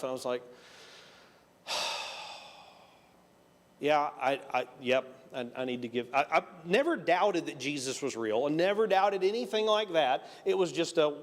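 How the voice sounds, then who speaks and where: A middle-aged Texan man preaching a conversational sermon, telling a personal story and acting out the dialogue with self-deprecating humor. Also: on the high side. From Texas. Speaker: pastor. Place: church sanctuary. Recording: church hall reverb.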